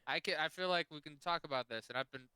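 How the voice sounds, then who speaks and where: A man guesting on a podcast in casual chat, eagerly chiming in with quick agreement. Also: a little high, pushed and bright, smooth, dry recording.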